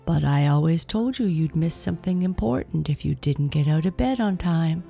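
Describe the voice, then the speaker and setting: A woman's voice: deep voice, animated, normal speed, creaky, warm tone, soft background music. Woman voicing a lecturing storybook dad. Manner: plain, lecturing. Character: stern middle-aged dad, told-you-so.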